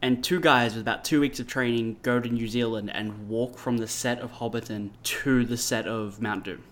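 A man's voice: mid-range voice, fairly even intonation, moderate pace. A man co-hosting a casual podcast, joining in with dry, teasing banter.

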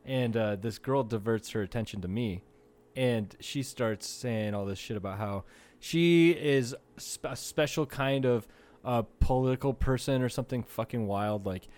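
A man's voice: mid-range voice, normal speed, darkish tone. Laughing, profane young man telling stories. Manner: profane, laughing storyteller, acts out quotes. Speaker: podcast co-host. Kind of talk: casual comedy podcast chat.

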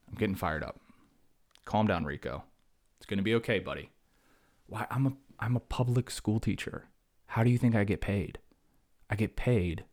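A young man talks through a casual solo podcast in a fairly low voice. He rambles from topic to topic, animated and self-mocking. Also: normal speed. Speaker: podcast host.

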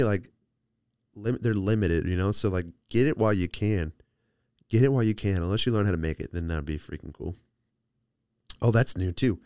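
A man's voice: lowish voice, darkish tone, clear, resonant tone, no echo, clean studio sound. A young man hosting a solo podcast, chatting casually and rambling playfully with lots of restarts. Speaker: podcast host.

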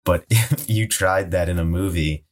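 Low-pitched guy, podcast co-host, loose, rambling, swears a lot. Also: a little slow. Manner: rambling, excitable, swears casually. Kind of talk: casual chat about movies.

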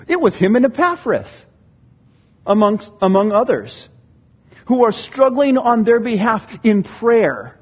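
A man preaching a sermon as pastor, animated, acting out church members' voices. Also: very high voice, a little slow, lo-fi sound.

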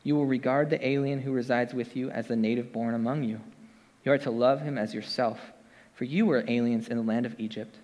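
A man's voice: mid-range voice, steady tone, a little fast, a little mellow. A man preaching a casual, conversational sermon to his congregation, with lots of fillers and asides. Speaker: pastor. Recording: long hall reverb.

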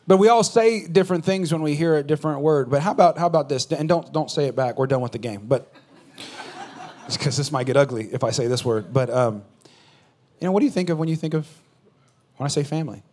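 A man's voice: mid-range voice, darkish tone. A man from California preaching as pastor, joking in a loose conversational way and drawing answers from the congregation in church. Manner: joking, talks back and forth with the congregation. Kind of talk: casual conversational sermon.

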